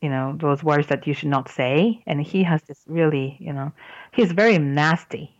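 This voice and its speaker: Low-voiced woman chatting on a podcast. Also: normal speed, dry recording, dull audio. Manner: chatty, laughs often, explains words. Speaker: podcast host. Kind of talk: casual chat, telling a joke.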